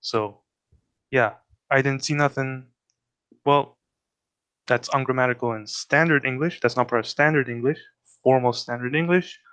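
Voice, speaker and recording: Guy presenting a laid-back linguistics talk, clean smooth voice, mid pitch, explains with examples and restarts a lot. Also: normal speed, pauses often, a bit bright. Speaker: fieldwork workshop presenter. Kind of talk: informal spoken lecture.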